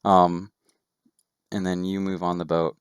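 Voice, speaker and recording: A man narrating a tabletop game as game master, with steady descriptive narration and casual asides. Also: low-pitched, a little slow, clear, resonant tone, dry recording, clean studio sound.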